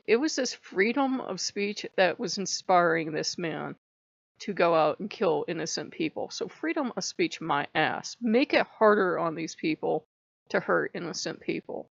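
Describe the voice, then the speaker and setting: A woman vlogs in a low, gravelly voice, tearful and fighting back crying while she speaks with passion. She keeps apologizing as her voice breaks. The sound is dull and lo-fi, dry and close. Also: animated, unhurried, dry recording. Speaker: vlogger on her own faith channel. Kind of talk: casual emotional vlog talk.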